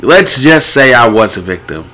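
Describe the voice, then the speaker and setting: A young man chatting casually, telling an animated story full of slang and swearing. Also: mid-range voice, moderate pace, music in the background. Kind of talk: casual chat.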